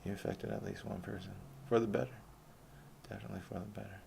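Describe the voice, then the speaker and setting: A man's voice: fairly low pitch, steady tone, quick pace, creaky, darkish tone, slight background noise. A man rambling through a profane, laughing monologue as a podcast host, swearing constantly.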